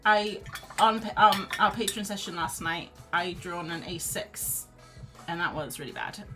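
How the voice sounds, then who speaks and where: Chatty woman streaming, bright voice. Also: lowish voice, moderate pace. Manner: chatty, reads out chat, rambling and self-encouraging. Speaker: art streamer. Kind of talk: casual live-stream chat while painting. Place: home, on a sofa wrapped in a blanket. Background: quiet background music.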